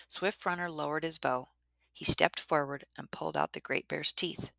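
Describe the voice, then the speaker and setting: A woman narrates a traditional story at a measured, dramatic pace. Her voice sits low and sounds bright and dry. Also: steady tone, gravelly, no echo.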